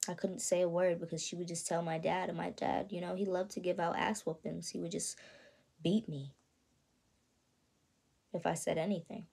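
An 18-year-old woman telling her own story in a vlog, soft and halting, often stopping to ask "you know what I mean". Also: lowish voice, flat delivery, gravelly, husky. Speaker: vlogger. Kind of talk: confessional personal storytelling.

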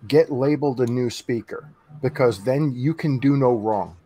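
A man with a mid-pitched voice co-hosts a casual live panel chat. He keeps an easygoing, joking manner throughout. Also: moderate pace, mellow. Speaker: co-host.

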